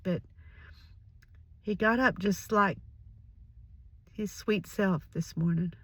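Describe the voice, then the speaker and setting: An older woman sharing a personal faith story, emotional and halting, often sinking to a whisper. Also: medium pitch, slightly rough. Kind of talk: personal spoken reflection.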